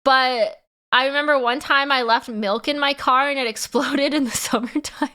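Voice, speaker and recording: Bright-voiced woman streamer. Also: high voice, steady tone, normal speed, clean tone. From Canada. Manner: chatty, laughs often, answers chat. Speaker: livestreamer. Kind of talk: casual stream chat.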